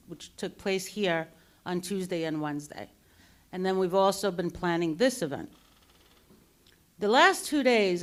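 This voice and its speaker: A woman organizer gives an earnest, formal tribute speech in a forum hall, stumbling slightly now and then. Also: mid-range voice. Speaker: event organizer.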